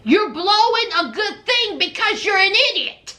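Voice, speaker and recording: A woman's voice: extremely high pitch, big pitch swings, normal speed, sharp tone. A woman giving a blunt, sassy reaction recap of a reality show, scolding the people on it. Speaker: reality TV commentator.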